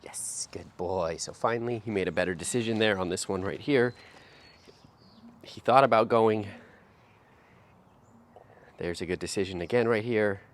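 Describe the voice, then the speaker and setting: Drilling a puppy outdoors, a man who trains dogs explains his steps as he goes, occasionally lifting into high, sing-song praise. He talks at a normal speed but leaves long pauses.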